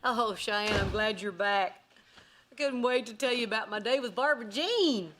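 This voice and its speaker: Sarcastic sitcom woman over loud hiss. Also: on the high side, moderate pace. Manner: sarcastic, wisecracking. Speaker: sitcom lead character. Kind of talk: sitcom acting.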